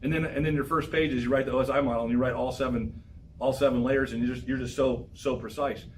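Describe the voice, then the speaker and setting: A man lecturing a college class as a professor, energetic and exhorting, repeating his phrases for emphasis. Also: medium pitch, quick pace, far from the mic, slight background noise, low-quality recording.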